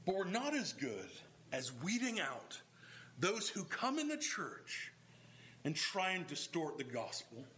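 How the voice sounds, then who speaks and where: Bright, animated male preacher. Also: on the high side, a little slow, a little hiss or hum, low-quality recording. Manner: animated, acts out quoted voices of others. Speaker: pastor. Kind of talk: sermon.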